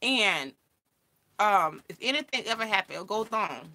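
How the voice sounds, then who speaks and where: A vlogger shares a casual storytime chat directly with her viewers, her tone bright and forward. She slips into the voices of the people she quotes and keeps things animated throughout, speaking in a mid-range voice at a slightly slow pace.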